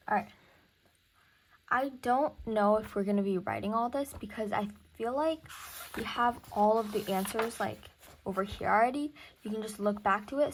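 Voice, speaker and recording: A young woman teaching music theory in a casual recorded lesson, thinking aloud and counting beats. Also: mid-range voice.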